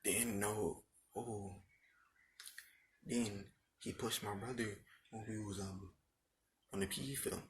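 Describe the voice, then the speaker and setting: A man's voice: lowish voice, steady tone, slow pace, long pauses, slight background noise. A young man telling a rambling, profane story about his school days in casual talk, repeating himself often.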